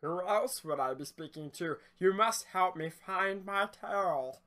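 A man's voice: sits high, bright, forceful tone, pitched above the performer's own voice. A man doing a gurgly talking salamander. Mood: mock solemn. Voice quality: gurgly fishy tone. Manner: solemn, slow storybook phrasing broken by giggles. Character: talking male salamander seeking his lost tail.

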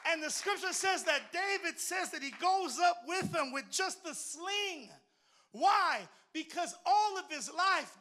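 Preach it as a woman minister, bright and forceful, moving from shouts down to a soft, low storytelling voice. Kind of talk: sermon.

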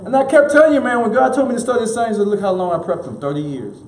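A man preaches with a high, bright voice, driving points home through repetition and call-and-response. His words ring out in a roomy space with a clear echo. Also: expressive, rapid-fire. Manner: emphatic preaching, repeats key lines, leads congregation call-and-response. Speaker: minister. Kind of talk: sermon. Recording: roomy echoey room.

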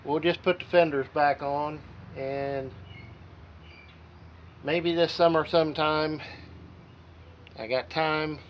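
A man who farms, talking plainly and thinking aloud as he works on a tractor, straining under heavy parts. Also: on the high side. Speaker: farmer vlogger. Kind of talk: casual narration while working. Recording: dull lo-fi sound with faint noise.

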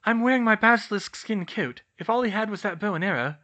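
A clever teenage witch girl, her voice lifted high and tight as a man puts her on. She talks fast and worried in this storybook reading, with a bright, edged tone. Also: expressive, exaggerated voice. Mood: defensive.

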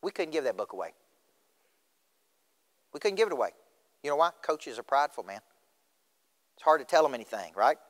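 A man's voice: fairly high pitch, sing-song, a little fast, pauses often. A middle-aged man giving a motivational speech, questioning the audience directly. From Tennessee. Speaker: motivational speaker. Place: school auditorium. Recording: reverberant auditorium.

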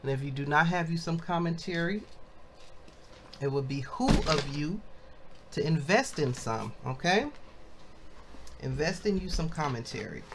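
A woman leading a Bible study, reading commentary aloud slowly and breaking into excited exclamations, calling her listeners family. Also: low-pitched, background noise. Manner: slow and deliberate, bursts into excited exclamations; addresses listeners as family, asks them questions.

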